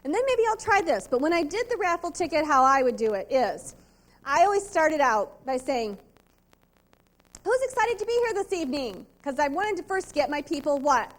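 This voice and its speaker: Woman sales trainer, high voice, punchy and emphatic, pitches her tips to a convention crowd. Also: very animated, normal speed. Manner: emphatic, asks the audience rhetorical questions. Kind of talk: motivational sales training talk. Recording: 2002 VHS convention tape.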